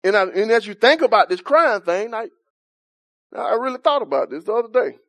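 A man with a notably high voice leads a Bible study in a relaxed, colloquial preaching style. He builds his points by repeating phrases and drifting into personal stories. The sound is close and dry. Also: a little fast, no room sound. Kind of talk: conversational sermon.

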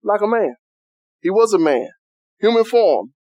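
Male preacher, high voice, dry close sound, plainspoken conversational delivery. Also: very animated, a little slow, darkish tone, dry recording. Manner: conversational preaching with Southern American vernacular. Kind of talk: sermon.

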